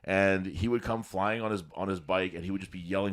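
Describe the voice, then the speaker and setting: Fast-talking deep-voiced guy. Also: fairly even intonation, fairly bright tone. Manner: swearing, laughing storyteller. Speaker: podcast co-host. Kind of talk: casual chat.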